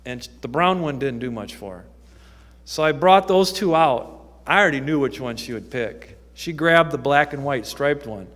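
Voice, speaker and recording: A man's voice: mid-range voice, expressive, normal speed, fairly bright tone. A man who works in youth ministry, telling stories in a chatty way with frequent ums as he speaks from the pulpit of a church. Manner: conversational storytelling with frequent ums. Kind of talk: informal testimony talk from the pulpit. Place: church sanctuary. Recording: echoey church hall.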